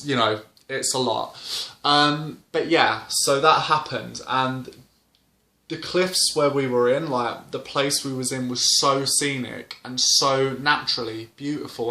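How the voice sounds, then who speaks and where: A man's voice: mid-range voice, gravelly, bright, forceful tone. Rambling man in a roomy room. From Britain. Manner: rambling, lots of fillers and restarts. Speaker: vlogger. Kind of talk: casual storytelling to camera. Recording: roomy indoor echo.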